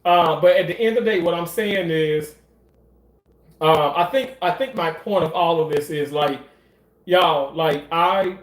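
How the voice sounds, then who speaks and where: A man's voice: on the high side, a little slow, echoey room. A man telling a story in a casual, emphatic way, swearing often and repeating phrases for effect. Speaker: commentator.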